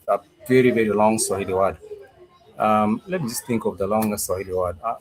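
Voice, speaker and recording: A man teaching a live online Swahili class, thinking aloud and repeating his phrases, with many fillers and restarts. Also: on the low side.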